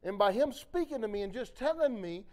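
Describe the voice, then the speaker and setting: Man, preacher, high voice, wildly swinging intonation, impassioned sermon. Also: lively intonation, brisk, darkish tone. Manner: impassioned, rising and falling.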